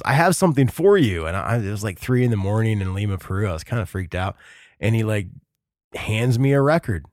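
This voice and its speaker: A man's voice: on the low side, no room sound, clean studio sound. Enthusiastic rambling podcast host man. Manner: enthusiastic, rambling with fillers and restarts. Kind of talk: casual chat.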